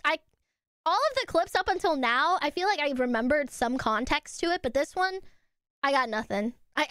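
A young woman streaming, talking in a crude, joking, excitable way into a close desk microphone. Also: high voice, no echo. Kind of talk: casual live-stream commentary.

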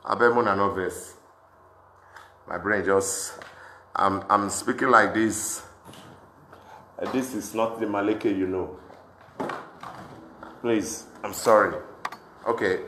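An impassioned young man with a Nigerian Pidgin accent speaks in a forceful, bright voice and rises at times into shouting. He is recorded in an echoey room with faint noise behind him. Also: lowish voice. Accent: Nigerian Pidgin English. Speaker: street commentator. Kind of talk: emotional protest vlog.

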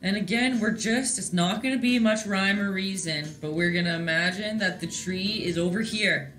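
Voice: medium pitch, moderate pace, a bit bright, echoey room, slight background noise. A host teaching a live-streamed painting lesson in a chatty, encouraging way, talking to viewers in the chat.

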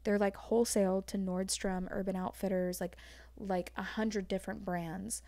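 A woman's voice: medium pitch, level tone, warm tone, no room sound. A young woman talking frankly as a guest in a casual chat, her speech full of "like" fillers. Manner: frank, fast-flowing, heavy use of "like".

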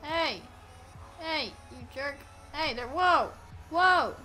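A high, bright-voiced woman talks through a video game in an unhurried drawl that bursts into excited yells. Faint music plays underneath. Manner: excitable, yelling at enemies, playful. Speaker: gameplay commentator. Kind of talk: casual let's-play commentary.

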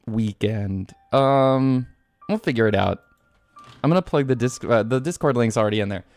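A man's voice: mid-range voice, normal speed, darkish tone, faint music behind. A man streaming a video game live, rambling casually, swearing often and laughing easily.

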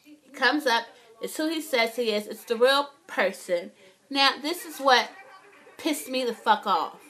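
Bright high-voiced young woman vlogger. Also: unhurried, soft background music. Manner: animated, profane, keeps asking "right?". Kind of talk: casual TV recap vlog.

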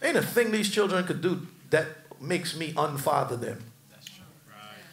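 Animated American preacher in an echoey hall. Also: male voice, normal speed, creaky. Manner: preaching with rising, shouted peaks and soft, low asides; casual, slangy preaching with humor. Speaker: pastor. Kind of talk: sermon.

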